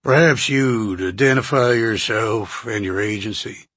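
A husky-voiced man playing a suspicious older country doctor who talks in a slow, deep drawl. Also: fairly bright tone, no echo. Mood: wary. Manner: slow, stubborn, guarded.

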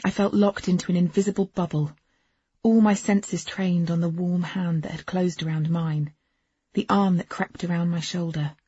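A woman's voice: lowish voice, steady tone, moderate pace, warm tone, slightly rough, no echo. A woman narrating a first-person novel in an intimate, wry storytelling manner. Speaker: audiobook narrator. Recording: dull, dry lo-fi recording.

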